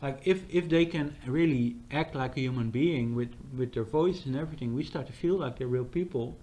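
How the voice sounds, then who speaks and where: A man's voice: mid-range voice, fairly quick, warm tone. A man talking in a casual, rambling monologue, full of fillers and restarts.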